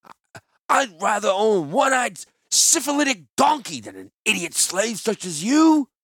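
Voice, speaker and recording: A man's voice: sing-song, gravelly, dry recording, clean studio sound, full character voice. A man voicing a fat, furious middle-aged wine merchant who roars and shrieks his words, drawing them out in outrage, in a storybook reading. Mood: outraged. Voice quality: roaring, shrill. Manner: outraged, drawn-out shouting.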